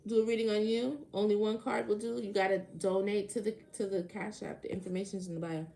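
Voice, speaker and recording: Sarcastic woman with a gravelly voice. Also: medium pitch, steady tone, quick pace, dark tone, a little hiss or hum. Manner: sarcastic, talks back to chat commenters; swears casually. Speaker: tarot reader answering a live chat. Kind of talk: casual livestream chat.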